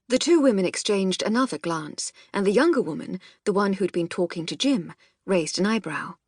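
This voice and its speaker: Brief: woman audiobook narrator, measured and even, slightly husky, dry close studio sound. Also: medium pitch, no room sound. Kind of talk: scripted narration.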